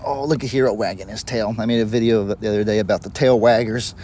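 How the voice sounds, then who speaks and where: A man's voice: fairly low pitch, steady tone, fast talker, a little mellow, slight background noise. A man chatting casually on a live stream while walking around his farm with a phone camera and talking to his animals in a sing-song voice. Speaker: farm livestream host. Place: outdoors on a farm among animals. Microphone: handheld phone camera.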